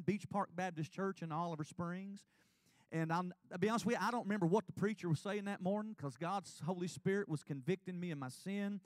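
A high-pitched man, recorded without echo, preaches in a church sanctuary. He shares his testimony in an earnest, confessional manner.

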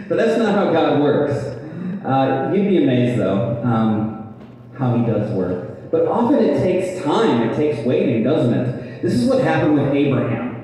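A man's voice: medium pitch, sing-song, moderate pace, warm tone, a little hiss or hum. A man preaching a sermon and reading a story to his congregation, asking them questions and restarting words as he goes. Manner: conversational, asks the congregation questions. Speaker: pastor. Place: church hall. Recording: echoey hall from far off.

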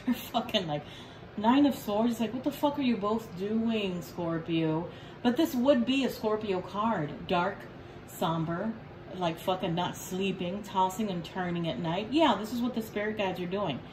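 A woman's voice: mid-range voice, a little slow, darkish tone, slight background noise, rough recording. A woman giving a casual tarot reading, blunt and profane, joking and teasing as she talks. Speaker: tarot reader.

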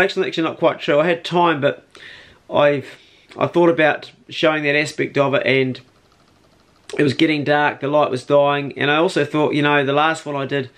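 A man's voice: fairly high pitch, a bit bright. A man, chatting casually and slangily in his hunting vlog, first out on a farm and then indoors. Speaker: hunting vlogger.

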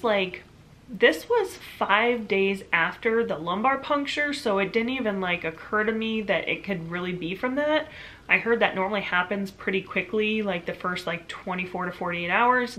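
A woman's voice: mid-range voice, normal speed. A woman in her thirties, a mother casually recounting a story in her vlog, chatty and full of "like". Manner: chatty, lots of "like", animated retelling. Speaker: vlogger, mother.

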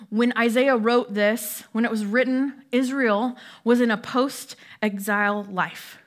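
A woman's voice: mid-range voice, a bit bright. A woman pastor preaching a sermon in a conversational way, often asking the listeners questions. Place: church.

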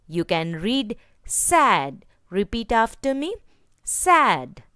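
A woman's voice: medium pitch, no echo, clean studio sound. A woman teaching a kindergarten class in Indian English, asking the children many questions and having them repeat each word after her. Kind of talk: slow, sing-song teaching to young children.

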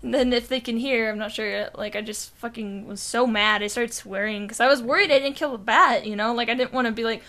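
A woman's voice: fairly high pitch, moderate pace, pushed and bright. A young woman co-hosting a podcast, telling a rambling story in casual chat, full of "like" and swearing. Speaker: podcast co-host.

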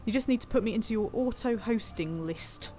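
A woman's voice: on the high side, a little fast, darkish tone, faint music behind. A woman, chatting playfully while streaming a city-building game live, thanking viewers and talking to herself as she plays. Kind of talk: live-stream gameplay commentary.

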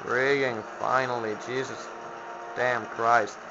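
Man, gameplay commentary, sarcastic, swearing, slow-paced, dull lo-fi recording with hiss. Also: mid-range voice, level tone. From Finland. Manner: grumbling, sarcastic, swears at enemies. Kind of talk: let's play commentary. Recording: lo-fi home mic with background noise.

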